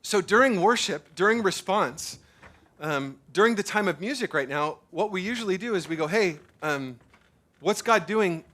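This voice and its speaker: A man in his thirties or forties, preaching a sermon at a church service in an animated, conversational way, full of fillers and repeated words. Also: high voice, normal speed. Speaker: pastor.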